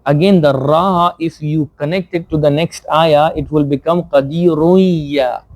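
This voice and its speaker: A man teaching recitation rules, patiently explaining pronunciation and gently correcting the reciters. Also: on the high side, fairly even intonation, a little slow, no echo. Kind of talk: tajweed lesson with corrections. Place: community centre prayer hall.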